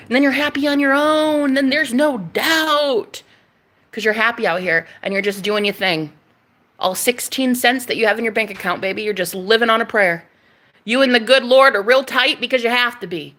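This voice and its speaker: A woman's voice: mid-range voice, bright, forceful tone. A woman vlogger delivering a sassy, profane rant straight to camera, mocking her critics and laughing often. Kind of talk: ranting monologue to camera.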